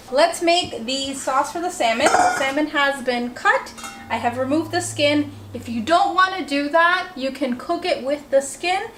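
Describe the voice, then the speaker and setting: Young woman, Indian accent, high voice, casual kitchen chatter, self-deprecating, light background noise. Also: measured pace. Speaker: home cook vlogger. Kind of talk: casual cooking vlog. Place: home kitchen.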